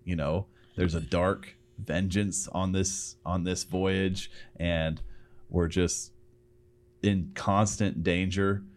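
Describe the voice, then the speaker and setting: A man's voice: low-pitched, level tone, takes it slowly. A man in a casual book discussion, thoughtfully restating points in plain words.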